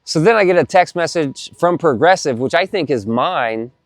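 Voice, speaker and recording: A man casually telling a story to the camera, animated and profane, often repeating himself. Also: fairly high pitch, moderate pace, no echo, studio quality.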